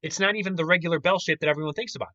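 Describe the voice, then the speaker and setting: A man's voice: on the high side, rapid-fire, pushed and bright, no echo, highs cut off. A man hosting his own commentary channel, ranting in a heated, sarcastic and indignant way.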